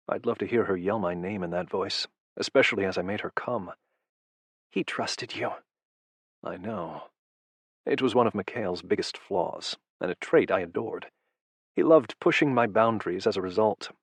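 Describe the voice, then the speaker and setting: A man narrating a first-person audiobook in a low, intimate, measured way. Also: no room sound.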